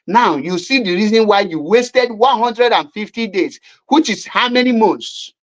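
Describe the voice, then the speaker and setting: A woman's voice: mid-range voice, animated, a little slow, dull audio. A woman with a Nigerian accent giving mocking online commentary, scornful and repetitive. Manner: scornful, repetitive, laughing at her opponents.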